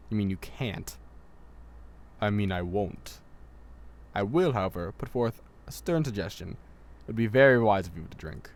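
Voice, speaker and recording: A man voicing a stern, composed male mentor in a game let's-play, speaking in a calm, measured, commanding way. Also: fairly low pitch, lightly acted. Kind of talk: amateur let's-play voice acting.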